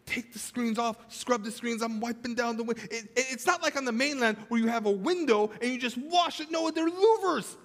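High-voiced pastor in an echoey church. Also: male voice, fairly quick, few pauses. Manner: storytelling with humor, swings from animated to soft and earnest. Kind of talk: sermon. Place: church sanctuary.

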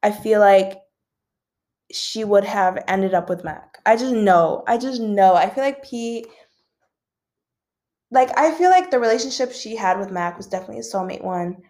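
Young woman rambling about celeb gossip, lots of likes and ums, mid pitch. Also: normal speed, a little mellow. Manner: rambling, filler-heavy, yawns now and then. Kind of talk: casual chat.

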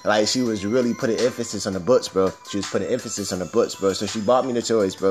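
A young man from Miami hosting a podcast, telling stories in a loose, profane, slangy way with animated asides, recorded on a phone. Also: lowish voice, fast talker, few pauses, soft background music. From Miami, Florida, US. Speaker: podcast host. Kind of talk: casual storytelling monologue.

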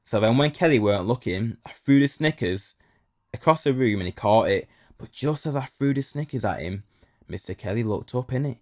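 A man's voice: medium pitch, expressive, fairly quick, a little mellow. A young man, telling a casual story full of slang and repeated phrases.

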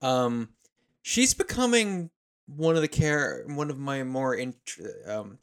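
A man's voice: medium pitch, sing-song, slow, clear, resonant tone. A man co-hosting a podcast, rambling casually with wry asides while discussing an episode. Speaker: podcast co-host. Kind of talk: casual episode recap chat.

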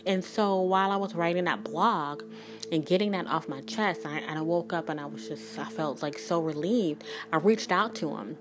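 A woman's voice: on the low side, normal speed, music in the background. A woman in her thirties, a spiritual reader and energy worker, talking candidly and bluntly in a rambling, emphatic way and swearing freely. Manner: rambling, many restarts and "like". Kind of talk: candid spiritual vlog talk.

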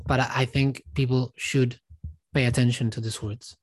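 Earnest man talking haltingly, dry sound. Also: mid-range voice, level tone, breathy edge, no echo. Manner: earnest, halting, with frequent restarts. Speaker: vlogger. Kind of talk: reflective commentary to camera.

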